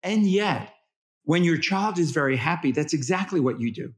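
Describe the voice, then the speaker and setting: Animated man explaining parenting. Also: fairly high pitch, moderate pace. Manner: animated, demonstrative, acts out parent-to-toddler talk. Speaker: parenting expert guest. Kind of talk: interview explanation.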